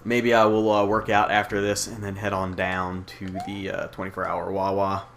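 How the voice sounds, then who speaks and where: A man's voice: fairly low pitch, completely flat delivery, moderate pace, gravelly, a bit bright. Rambling, joking American guy with game music. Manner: rambling, profane, joking asides. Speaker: let's play host. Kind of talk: casual gameplay commentary. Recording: game music playing under the voice.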